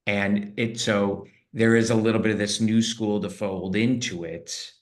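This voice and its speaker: A man appearing as a podcast guest, a leadership coach who talks in an earnest, emphatic way, as if giving a pep talk. His voice is fairly low, and he makes his points with conviction and now and then some rough language. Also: fairly even intonation, measured pace. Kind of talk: casual interview talk.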